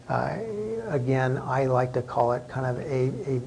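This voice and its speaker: Mellow-voiced preacher asking rhetorical questions. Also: male voice, mid-range voice, little pitch movement, a little slow, gravelly, a little hiss or hum, poor audio. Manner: conversational, with rhetorical questions and repeated words. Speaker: pastor. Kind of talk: sermon.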